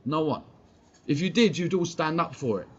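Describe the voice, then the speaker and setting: A man from England, his voice husky and fairly high, rants on a live fan stream at a moderate pace. He's expressive, blunt and combative, swearing throughout. The stream's audio sounds dull and lo-fi, with faint noise in the background.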